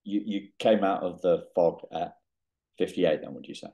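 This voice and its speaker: A man hosting a podcast, asking calm, brief, probing questions. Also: sits low, normal speed, lo-fi sound. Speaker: podcast host. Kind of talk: interview questions.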